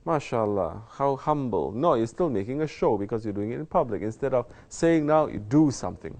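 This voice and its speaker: A man delivers a spoken sermon in reply to a question, at a middle pitch. He speaks emphatically as a Sufi teacher, often posing rhetorical questions and mimicking the excuses people make. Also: expressive, brisk, a little mellow. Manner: emphatic, rhetorical questions, mock-quoting others. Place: Sufi lodge.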